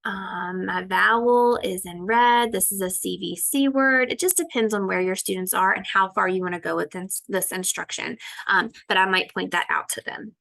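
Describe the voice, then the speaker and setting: A woman teacher walking through a recorded lesson, slipping into a sing-song classroom voice and sounding out letters slowly. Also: mid-range voice, fairly even intonation, gravelly, pushed and bright.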